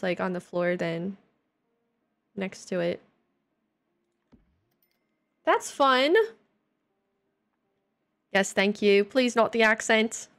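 A woman's voice: mid-range voice, fairly bright tone. A woman live-streaming a building game, talking casually and playfully to her viewers. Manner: playful, chatty, reacting to viewers. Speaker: livestreamer. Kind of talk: casual live-stream chat while playing. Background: faint game music.

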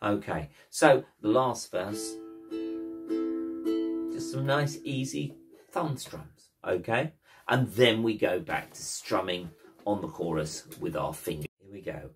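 A man's voice: lowish voice, expressive, slow pace, music in the background. A man teaching ukulele in a cheeky, playful, jokey way, talking the class through chords and strumming. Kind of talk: casual instructional talk.

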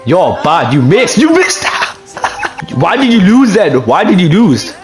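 A man's voice: high-pitched, very animated, takes it slowly. Guy trash talking over a game, laughs a lot, bouncy voice. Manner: teasing, laughs a lot, repeats himself. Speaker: gaming YouTuber. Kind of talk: casual gaming banter. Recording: echoey room with music playing. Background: game music.

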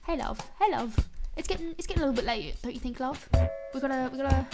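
A woman putting on an exaggerated mock-British lady, soft and doting, as a joking impression. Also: high-pitched, completely flat delivery, drawn-out words, loud music behind the voice.

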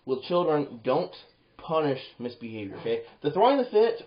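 A man giving advice in a casual monologue, animated and rambling, breaking into quoted voices and swearing now and then. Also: on the high side, moderate pace. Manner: animated, acts out quoted lines in bursts, swears; rambling with restarts and fillers. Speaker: vlogger. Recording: roomy, dull lo-fi home video.

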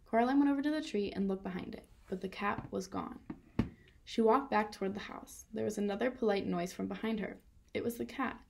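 A woman reading a children's novel aloud in a steady storytelling manner. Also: medium pitch, a little fast, vocal fry, slight background noise. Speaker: reader.

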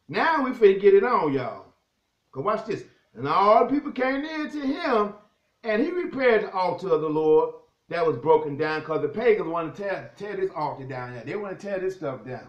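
A man's voice: sits high, normal speed, echoey room, highs cut off. A man preaching a sermon, reading scripture aloud and talking straight to his listeners. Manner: animated preaching, reads scripture aloud, keeps addressing the crowd as "y'all".

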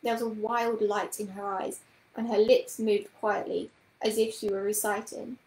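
A woman reading a children's book aloud in a gentle, expressive storytelling manner. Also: mid-range voice, normal speed, reverberant, rough recording.

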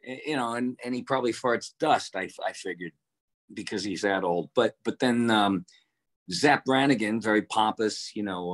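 An older man, a voice actor, answering interview questions over a video call in a relaxed, anecdotal way. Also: lowish voice, normal speed. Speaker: voice actor guest.

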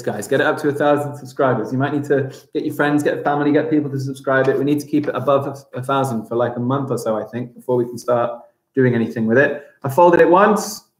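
A man teaching a live-streamed primary school craft lesson, chatting as he narrates each step aloud. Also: mid-range voice. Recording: roomy echo.

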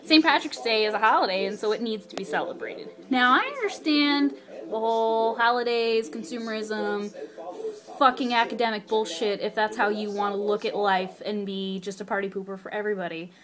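A young woman chatting casually to her camera in her apartment, excitable and bubbly, with casual swearing. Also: mid-range voice, brisk, a crowd in the background. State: hyper and spazzy. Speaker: vlogger. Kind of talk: casual vlog chat. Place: apartment living room. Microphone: handheld camera.

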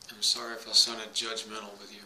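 A man's voice: lowish voice, completely flat delivery, quick pace, pushed and bright, a little hiss or hum. A man earnestly addressing his late mother during an EVP recording, apologizing and pleading for a response. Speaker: paranormal investigator.

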